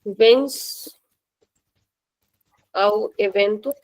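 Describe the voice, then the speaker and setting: A woman teaching a language class, speaking slowly and patiently and repeating words for her students. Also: medium pitch, poor audio.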